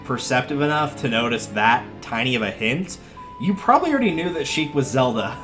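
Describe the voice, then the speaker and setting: Male streamer with a mid-pitched voice, wry casual commentary, faint game music underneath. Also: very animated, fairly quick. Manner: chatty, wry and joking. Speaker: livestreamer.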